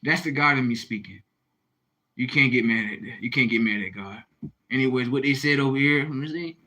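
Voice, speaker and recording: Brief: male livestream host, husky and bright, loose and profane. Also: medium pitch, fairly quick, rough recording. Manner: profane, animated, rambling, reads viewer comments. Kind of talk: casual livestream chat.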